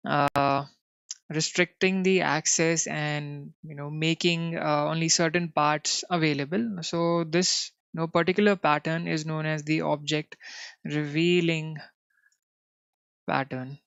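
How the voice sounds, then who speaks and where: Slow-talking Indian man teaching code. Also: on the high side, steady tone, vocal fry, fairly bright tone, clean tone, no room sound, highs cut off. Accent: Indian English. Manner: frequent "you know" fillers, checks in with viewers. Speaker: coding instructor. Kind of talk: live-streamed coding lesson.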